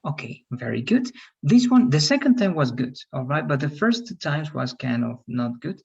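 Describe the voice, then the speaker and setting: A teacher giving feedback and pronunciation drills in an online English class, patiently repeating words slowly. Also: mid-range voice, sing-song, creaky, darkish tone, slightly rough, lo-fi sound.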